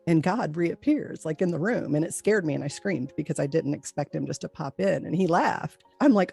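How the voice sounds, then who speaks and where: Husky, gravelly, dark voice, casual testimony, reenacts dialogue. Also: medium pitch, animated, fairly quick, hardly any pauses, soft background music. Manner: casual, reenacts dialogue with lots of "like" and "you know". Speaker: near-death experience witness. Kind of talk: personal testimony.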